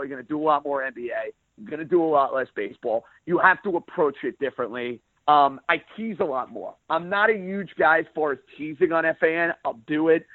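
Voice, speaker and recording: A sports radio host with a New York accent, a rough-edged voice and an emphatic, plain-spoken way of talking, heard as an interview guest. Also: male voice, a little high, dry recording. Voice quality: rough around the edges voice. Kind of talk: interview guest, casual talk. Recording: phone line.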